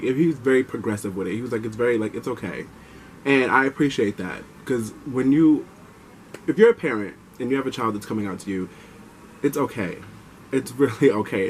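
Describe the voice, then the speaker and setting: A man's voice: mid-range voice, slight background noise, poor audio. Chatty young man telling a personal story. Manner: chatty, animated, advising viewers directly. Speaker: vlogger.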